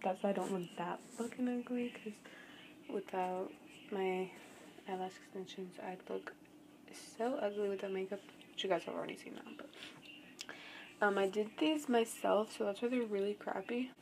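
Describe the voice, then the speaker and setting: A woman's voice: mid-range voice, moderate pace, pauses often, a little mellow, a little hiss or hum, low-quality recording. A teenage girl from Arizona chatting casually to her phone camera in a vlog, giggly and full of "like". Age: teens. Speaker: vlogger.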